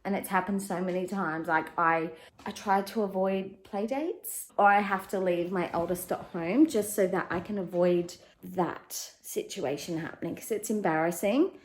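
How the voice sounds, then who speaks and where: A woman in her thirties with an Australian accent, a working mum giving a candid, chatty life update from her home that turns quieter and more emotional when she talks about parenting. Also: on the low side, normal speed, a little hiss or hum, rough recording. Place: at home, in her living room.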